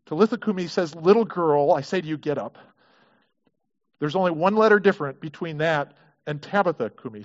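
A man delivers a sermon in a relaxed, conversational way, acting out what the people in the story might have said. His voice sits a little high for a man, and the recording sounds dull and lo-fi. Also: brisk. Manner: conversational, acts out quoted prayers, frequent restarts. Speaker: pastor.

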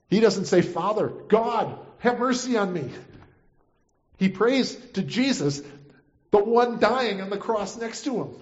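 A man's voice: sits high, a little mellow, muffled recording. A man preaching a sermon, retelling scripture and acting out the quoted voices with feeling. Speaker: pastor.

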